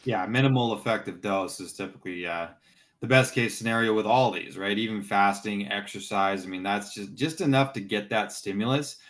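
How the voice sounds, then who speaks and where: Guy breaking down health science on a webinar, slightly low voice, confident and plain. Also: brisk, fairly bright tone. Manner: explanatory, confident, uses plain analogies. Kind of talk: conversational webinar discussion.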